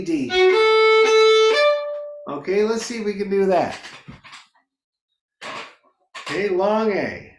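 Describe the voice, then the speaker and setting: Guy teaching beginner fiddle, kinda high voice, roomy echo, fiddle playing in the back. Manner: encouraging, counts in and calls out notes. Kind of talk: online beginner fiddle lesson.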